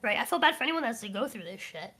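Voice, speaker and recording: A woman's voice: on the high side, very animated, racing, bright, forceful tone. A woman co-hosting a casual political news stream, talking heatedly and profanely with many restarts. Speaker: co-host of a news talk stream.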